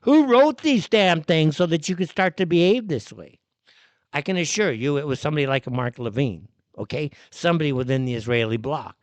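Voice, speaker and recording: A man's voice: fairly high pitch, animated, a little fast, dry recording. A man hosting a live commentary show, ranting in a heated, exasperated way and swearing often. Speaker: show host.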